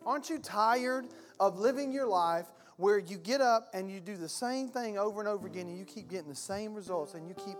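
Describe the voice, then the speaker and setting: A man's voice: high voice, a little fast, few pauses. Impassioned male pastor in echoing hall. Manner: impassioned, colloquial preaching. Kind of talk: sermon. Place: church hall with chairs. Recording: long hall reverb with faint guitar.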